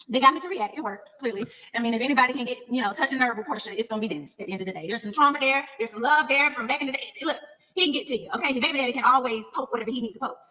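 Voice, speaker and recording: A woman's voice: high-pitched, pushed and bright, low-quality recording. A middle-aged woman, a reality TV cast member, telling a story in a blunt, casual podcast rant and swearing freely.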